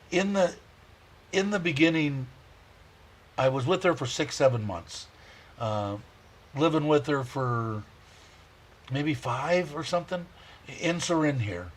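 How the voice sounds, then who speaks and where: A man hosting a casual livestream, rambling warmly, chuckling and reading viewer comments aloud. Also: fairly high pitch, expressive, takes it slowly, long pauses. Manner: heartfelt, chuckles often. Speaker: livestream host.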